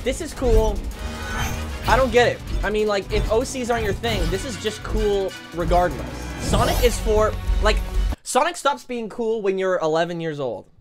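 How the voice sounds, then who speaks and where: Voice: mid-range voice, normal speed, music in the background. A YouTuber ranting through a reaction to a game trailer, swearing constantly and swinging between hype and exasperation. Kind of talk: profane reaction rant.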